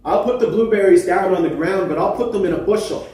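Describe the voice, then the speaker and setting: A man's voice: high voice, fast talker, warm tone, a little hiss or hum, voice pushed up, natural voice. A man voicing the Creator, an ancient male spirit, with a raised, proclaiming delivery, heard in a storytelling performance. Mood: generous. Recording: echoey theatre from far off.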